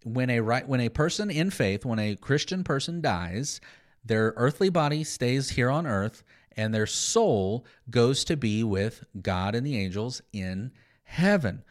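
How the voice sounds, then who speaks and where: Brief: male podcast Bible teacher, animated, mid pitch, playful sarcasm. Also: a little slow. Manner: animated, sarcastic asides, explanatory.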